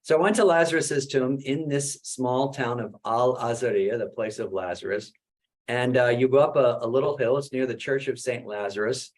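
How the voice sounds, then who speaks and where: A middle-aged man, a Jesuit priest, giving a conversational webinar talk about his book, full of "uh" fillers and animated questions. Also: medium pitch, normal speed.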